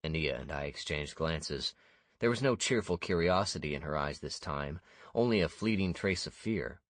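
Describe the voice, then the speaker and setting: Man, low voice, steady audiobook narration, dry close recording. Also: moderate pace, no echo. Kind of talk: first-person fantasy audiobook narration.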